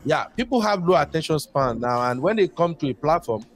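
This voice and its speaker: Nigerian guy calling into a talk show, kinda high voice, rambles on, drops into pidgin, little music under it. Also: sing-song, fairly quick. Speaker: caller. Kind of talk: casual call-in chat.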